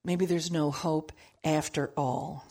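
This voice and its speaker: A woman teaching a Bible passage in an animated storytelling way, with humorous asides. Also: sits low, slow pace, slightly rough.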